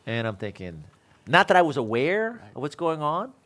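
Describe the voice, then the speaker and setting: Animated middle-aged man telling a story. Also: on the high side, normal speed. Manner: animated, acts out both sides of a conversation. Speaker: electrical code instructor. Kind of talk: storytelling anecdote in a lecture.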